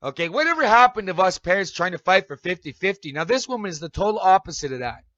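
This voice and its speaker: A man's voice: high-pitched, very animated, fast talker, fairly bright tone, no room sound. A man ranting angrily on a live stream, swearing, accusing people and asking "okay?" again and again. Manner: heated, accusatory, repeats "okay?". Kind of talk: angry profane rant. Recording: dull lo-fi live-stream audio.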